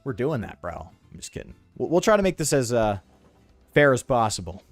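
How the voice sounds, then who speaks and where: Sarcastic, lively young male streamer. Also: medium pitch, fairly quick, dry recording, soft background music. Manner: rambling, sarcastic, slangy. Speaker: gaming streamer. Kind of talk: casual let's-play commentary with chat.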